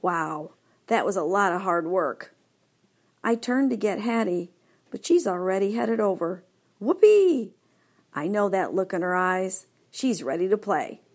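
Lively woman reading a children's story. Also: medium pitch, moderate pace. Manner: lively, expressive. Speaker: audiobook narrator. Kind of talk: scripted storybook narration.

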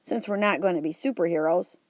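A glum, skeptical boy, as a woman narrator puts him on, full of questions. The voice is warm and lowish, read close and dry for a storybook. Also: a little fast, dry recording, lightly acted.

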